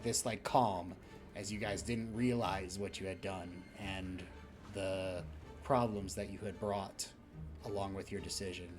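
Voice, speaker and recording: A man narrating as game master in a tabletop role-playing game, talking casually with fillers. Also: fairly low pitch.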